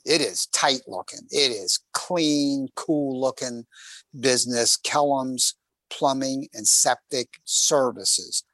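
A man hosting a talk show, telling stories from a bike trip in a casual, animated way and acting out the quotes. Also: medium pitch, slow pace, no echo. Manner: animated, rambling storyteller who acts out quotes. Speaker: radio show host on a cycling trip. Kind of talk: casual storytelling chat on air.

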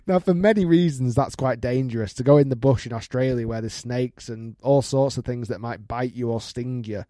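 Mellow-voiced man hosting a podcast. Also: medium pitch, normal speed, dry recording, studio quality. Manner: chatty, laughs while reading aloud. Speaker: podcast host. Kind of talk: casual podcast monologue, reading listener email.

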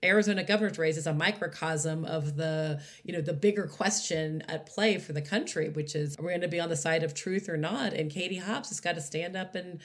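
A woman political commentator speaking from her home. Her voice sits a little low, and she drives her points home with energy. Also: fairly quick, few pauses. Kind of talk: political chat.

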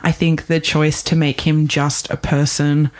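A woman's voice: sits low, level tone, a little slow. A woman co-hosting a podcast, chatting casually about a film with lots of fillers. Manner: chatty, many fillers, frequent laughs. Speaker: podcast co-host.

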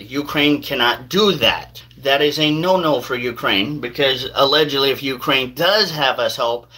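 A man's voice: mid-range voice, sharp tone, rough recording. A man hosting a podcast in casual news commentary, rambling and hedging every claim with "allegedly". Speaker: podcast host.

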